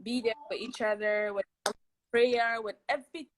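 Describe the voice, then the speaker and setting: Lively woman on a video call. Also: fairly high pitch, fairly quick, low-quality recording. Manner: animated, laughing, emphatic repetition. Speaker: guest. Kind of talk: casual chat on a video call.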